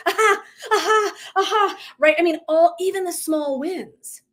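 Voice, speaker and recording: A middle-aged woman with a slightly high voice hosts a casual livestream. She is chatty and earnest, leaning on "like" and "right?" as she coaches her viewers. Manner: chatty, heavy use of "like", earnest and emotive. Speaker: wellness coach.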